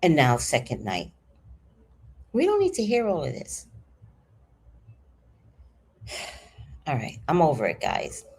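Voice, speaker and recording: A woman in her fifties telling a story to her viewers in an animated, chatty way, swearing freely. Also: sits low, takes it slowly, long pauses, breathy edge. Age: 50s. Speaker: vlogger. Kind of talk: casual storytelling to camera.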